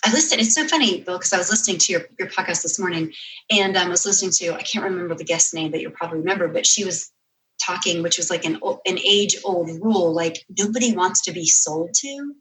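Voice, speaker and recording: A woman author, a guest on a podcast, telling a story in casual, animated chat and correcting herself as she goes. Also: lowish voice, poor audio. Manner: animated storyteller, quick asides and self-corrections.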